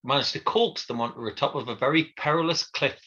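A man's voice: mid-range voice, quick pace, pushed and bright, highs cut off. A man in casual chat, dry and hesitant, stammering as he restarts.

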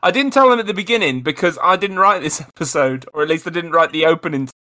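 Deadpan man hosting, lively pitch. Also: quick pace, dry recording, studio quality. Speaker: podcast host. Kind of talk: casual improv banter.

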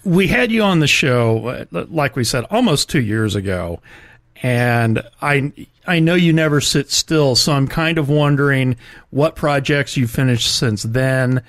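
A man's voice: mid-range voice, lively intonation, measured pace, a bit bright, no echo, studio quality. A man hosting a casual interview, asking the guest friendly, open questions. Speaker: host.

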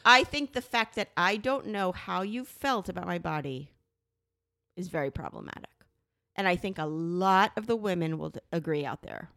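A middle-aged woman talking candidly and emphatically with her husband, her voice jumping high when she insists. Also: lively intonation, normal speed, fairly bright tone, no room sound, clean studio sound. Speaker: podcast co-host, wife. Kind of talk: candid couple conversation.

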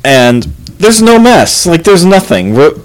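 A man's voice: fairly high pitch, a little slow, rough recording. A man co-hosting a podcast, casually telling a story about events in his house with plenty of "like" and "yeah" fillers. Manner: relaxed, retelling with many "like" and "yeah" fillers. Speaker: podcast co-host.

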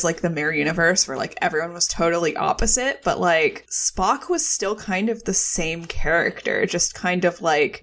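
A woman co-hosting a tabletop role-play podcast, chatting in a nerdy, pedantic way with many fillers. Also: lowish voice. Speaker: podcast co-host and player. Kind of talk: casual actual-play podcast chat.

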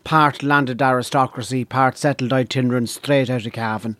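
A man with an Irish accent tells a comic yarn in a wry, deadpan voice of middling pitch. The recording is dry and close, with no room sound. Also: moderate pace, hardly any pauses, no room sound. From Donegal, Ireland. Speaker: comedian. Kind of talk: comic storytelling.

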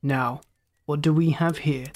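A man's voice: a little high, fairly even intonation, a little slow, lightly acted. A reader voicing a cool, mocking male villain who drawls his threats in a storybook reading. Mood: cool menace.

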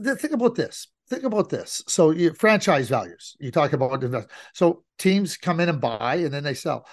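A middle-aged man co-hosting a casual hockey podcast, telling stories and repeating phrases for emphasis. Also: on the high side. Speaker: podcast co-host.

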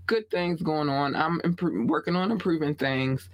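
A woman podcast host with a Baltimore accent, chatting casually and bluntly in a small home studio, her voice swooping up high when excited. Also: measured pace, dry recording. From Baltimore, USA. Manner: laid-back, blunt, frequent "um" and laughter. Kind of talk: casual podcast sign-off chat.

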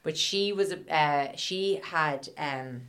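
A woman's voice: low-pitched, slow pace, a bit bright. A woman co-hosting a podcast in casual chat, swearing freely and trailing off into fillers. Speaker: podcast co-host.

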